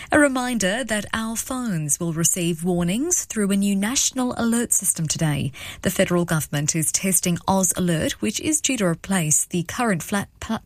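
A woman reading a scripted radio news bulletin in a measured, crisp delivery into a studio microphone. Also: medium pitch, no room sound. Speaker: newsreader.

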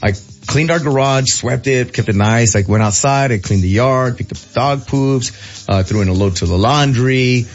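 A man in his thirties hosting a show, telling a story in casual chat, animated and laughing, jumping into a high squeal when he quotes people. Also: moderate pace, highs cut off, soft background music. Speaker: radio show host.

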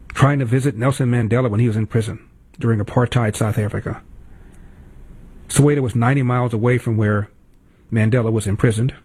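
A man's voice: mid-range voice, darkish tone, slightly rough. A man hosting a talk show, delivering indignant political commentary with emphatic repetition. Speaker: talk radio host.

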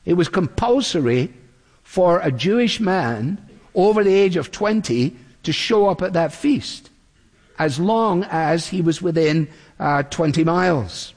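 A man preaching an earnest expository sermon. He slows down when he quotes scripture. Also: on the high side, animated, darkish tone, big-room sound.

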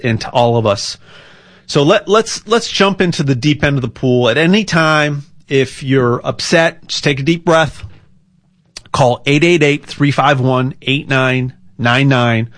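Slow, rambling man pitching gold. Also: a bit bright, no room sound. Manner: rambling, repeats words, jokey asides. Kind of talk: casual promotional talk.

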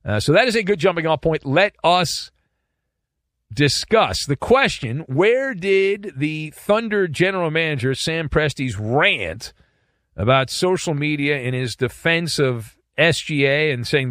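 A man's voice: on the high side, animated, unhurried, a bit bright, no echo, clean studio sound. A man hosting a sports talk show, giving opinionated commentary in a sarcastic, mocking way.

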